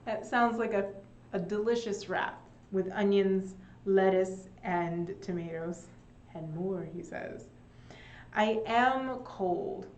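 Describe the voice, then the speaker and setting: A woman teaching an English lesson, saying short phrases slowly and clearly for learners. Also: medium pitch, flat delivery, a little mellow, reverberant, muffled recording, slight background noise. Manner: slow, clearly spaced teaching delivery with short repeated phrases. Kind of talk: online English lesson for Spanish speakers.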